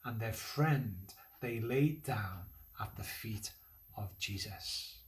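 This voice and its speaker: A man in a church role, telling a Bible story to children at a school assembly in a gentle, conversational way with pauses and fillers. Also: fairly low pitch. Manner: lively, building energy toward the climax of the story.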